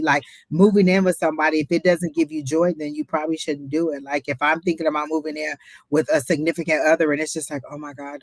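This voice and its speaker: A woman's voice: deep voice, dry recording. A woman co-hosting a livestream tarot reading, chatty, blunt and outspoken. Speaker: tarot reader and co-host.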